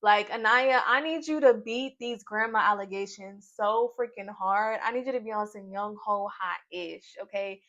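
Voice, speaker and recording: A woman's voice: mid-range voice, normal speed, hardly any pauses, fairly bright tone. Sassy chatty woman recapping reality TV. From Nashville, Tennessee, US. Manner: sassy, chatty, playful asides. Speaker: YouTube reality TV reviewer. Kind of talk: casual recap vlog. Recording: dull lo-fi sound.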